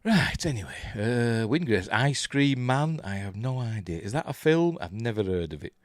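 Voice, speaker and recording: A man's voice: medium pitch, animated, normal speed, dry recording. An older man from Yorkshire with a Yorkshire accent, hosting a rambling, chuckling casual live-stream chat and reading out viewer comments. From Yorkshire, England. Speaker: host.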